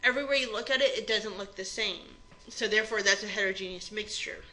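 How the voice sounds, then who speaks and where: In this rough recording of an exam review lecture, a female chemistry teacher talks quickly in a bright, forceful mid-range voice. She explains each step plainly and conversationally.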